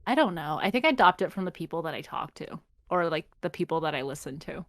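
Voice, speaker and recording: Low-voiced woman in casual rambling chat. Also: expressive, quick pace, fairly bright tone, dry recording. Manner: rambling, lots of fillers and self-corrections. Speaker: podcast co-host.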